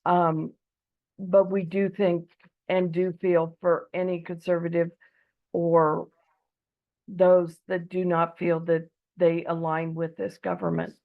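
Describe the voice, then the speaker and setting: A woman's voice: fairly low pitch, flat delivery, slow, vocal fry, narrow, tinny audio. A woman from Eastern Oregon, losing her voice, giving an earnest debate speech with frequent ums over a video call. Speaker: debate speaker.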